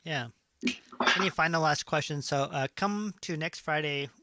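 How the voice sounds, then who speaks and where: A man's voice: fairly high pitch, moderate pace, very noisy. A man hosting a casual chat show, rambling with many fillers. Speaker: host.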